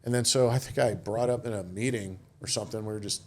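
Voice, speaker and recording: A man's voice: lowish voice, steady tone, quick pace. A middle-aged man, a retired military officer, telling rambling anecdotes and quoting others in a casual interview. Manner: rambling anecdotes with quoted voices. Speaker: guest, retired Marine officer.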